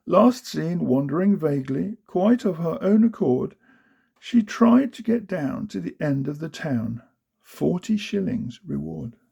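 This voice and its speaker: Man playing a pompous old king, proclaiming, formal, gravelly, dark. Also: on the high side, lively intonation, unhurried, exaggerated voice.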